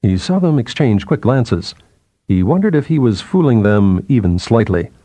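A man narrates a story in a measured, expressive way, at a mid pitch typical for a man. The recording is dry and close, with no room sound. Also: no echo. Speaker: audiobook narrator. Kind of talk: scripted narration.

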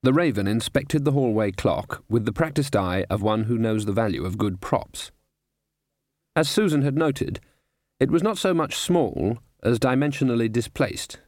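A man's voice: mid-range voice, lively intonation, moderate pace, darkish tone, no room sound. Wry male audiobook narrator, dry sound. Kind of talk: storybook narration.

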